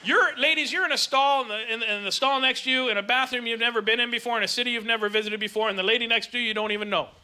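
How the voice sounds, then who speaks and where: Brash, high-voiced comic. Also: male voice, fairly even intonation, very fast, hardly any pauses, smooth. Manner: loud, brash, self-mocking delivery with frequent restarts. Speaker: stand-up comedian. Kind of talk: stand-up comedy set. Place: comedy club stage with a live audience. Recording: live club set with loud audience laughter.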